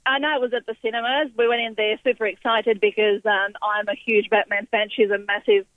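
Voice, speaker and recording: A woman calling a radio show, telling a story in a chatty, unhurried way. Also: medium pitch, little pitch movement, no echo. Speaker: caller. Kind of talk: phone call to radio. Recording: tinny phone line.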